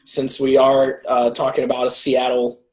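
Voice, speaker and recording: A man's voice: mid-range voice, completely flat delivery, moderate pace, over a noisy crowd. A man co-hosting a podcast in casual chat, rambling through stories and laughing often. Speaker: podcast co-host; teacher. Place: lives in San Jose.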